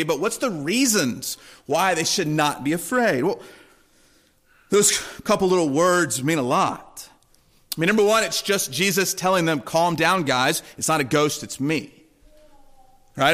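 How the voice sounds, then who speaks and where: A man preaching a sermon in a conversational way, often checking in with listeners and softening his voice for quoted words. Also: fairly high pitch. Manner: conversational, asks the congregation "right?" often. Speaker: pastor.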